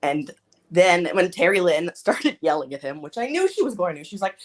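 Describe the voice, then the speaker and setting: Giggly, animated woman telling a story. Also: lowish voice, normal speed. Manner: giggly, animated, acts out quotes. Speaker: livestream guest. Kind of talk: casual storytelling chat.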